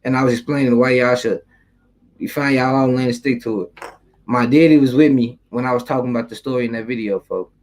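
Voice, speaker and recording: A man's voice: medium pitch, a little fast, darkish tone, poor audio. A young man casually telling a street story in loose, rambling slang, swearing freely.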